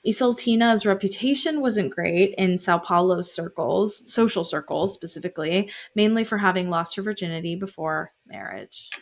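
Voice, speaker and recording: A woman's voice: on the low side, normal speed, few pauses. A young adult woman co-hosting a podcast, telling a story in a casual chatty way with wry asides and lots of fillers. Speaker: podcast co-host.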